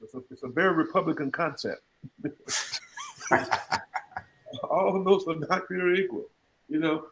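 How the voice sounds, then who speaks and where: Male jazz clinician, fairly high voice, scats examples mid-lecture, playful, video-call audio. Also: a little slow, pauses often, a little hiss or hum, low-quality recording. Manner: scat-sings rhythm examples between explanations; animated, humorous teaching. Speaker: jazz music educator. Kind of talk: online music clinic lecture.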